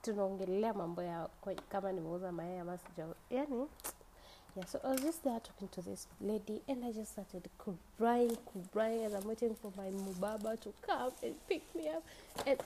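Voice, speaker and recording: Young kenyan woman rambling through a story, mellow voice, switches into swahili slang, laughs a lot. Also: mid-range voice, moderate pace, a little hiss or hum, poor audio. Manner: chatty, mixes English with Swahili slang, laughs often. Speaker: podcast host. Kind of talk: casual storytelling.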